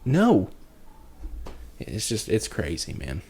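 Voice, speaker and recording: A man's voice: on the low side, wildly swooping pitch, slow pace, gravelly, darkish tone, breathy edge. A man co-hosting a podcast, chiming in and laughing in casual chat. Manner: chimes in, laughs often. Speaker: podcast co-host.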